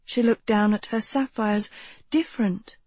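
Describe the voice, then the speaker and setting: Slow, husky woman narrating a story. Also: medium pitch, no echo. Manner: measured, expressive reading. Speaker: audiobook narrator. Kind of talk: scripted narration.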